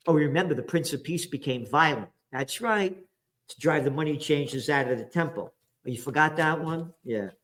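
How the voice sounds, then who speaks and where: A man's voice: a little high, moderate pace. A man from the Bronx, hosting a profane, combative current-affairs commentary. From the Bronx, New York. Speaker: trends forecaster and show host.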